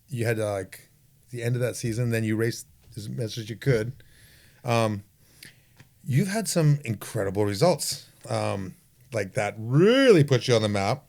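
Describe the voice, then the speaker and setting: A man's voice: mid-range voice, vocal fry, darkish tone. A man hosting a podcast, casual and joking, tossing in sponsor plugs. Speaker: podcast host. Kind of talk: casual chat.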